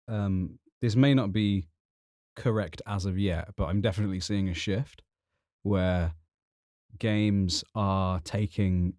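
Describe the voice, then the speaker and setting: A man co-hosting a podcast, chatting casually in an animated way with slang. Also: low-pitched, slow, no echo, studio quality. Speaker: podcast co-host. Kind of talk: casual chat.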